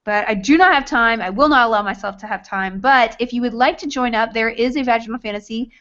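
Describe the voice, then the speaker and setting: A woman with a fairly high, slightly bright voice talks at a quick pace while hosting an online book club hangout. She's chatty, casually announcing meetups with playful asides, and the video call audio is dull and lo-fi.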